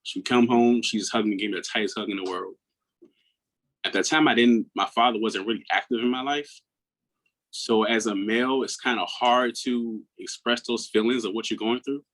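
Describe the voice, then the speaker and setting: A man in his thirties from Maryland, a guest on an interview who speaks earnestly and reflectively, often dropping into a hushed tone. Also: lowish voice, fairly even intonation, normal speed, poor audio. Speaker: guest, mental health coach. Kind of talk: personal storytelling in an interview.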